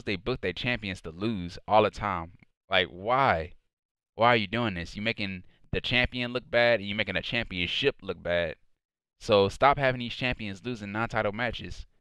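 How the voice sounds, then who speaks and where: A man's voice: lowish voice, bright, forceful tone, clean tone, dry recording. A man recapping a wrestling show alone in a casual, rambling way, full of fillers, sometimes acting out quotes with mock heat. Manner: quotes others in a mock-heated voice.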